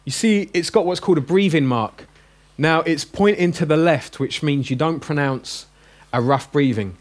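A man's voice: fairly high pitch, moderate pace. A man teaching a classroom language lesson, joking and coaxing his students with questions.

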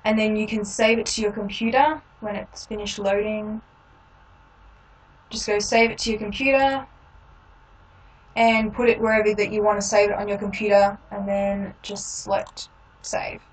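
A woman hosting a step-by-step software tutorial, explaining each click in a relaxed way with frequent ums. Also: medium pitch, normal speed, distant mic, poor audio. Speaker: tutorial host.

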